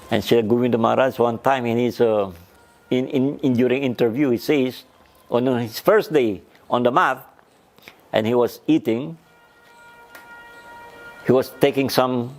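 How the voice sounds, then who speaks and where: A man, a spiritual teacher, recounting stories in a lively talk with loose grammar and many fillers. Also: a little slow, pauses often, faint music behind. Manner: lively retelling, shifts pitch up for quoted speakers. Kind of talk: storytelling talk.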